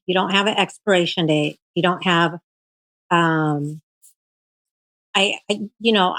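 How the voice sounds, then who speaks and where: A woman guest recounting her cancer treatment in casual storytelling, animated and full of fillers, often quoting her doctors. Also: on the low side, no room sound, poor audio.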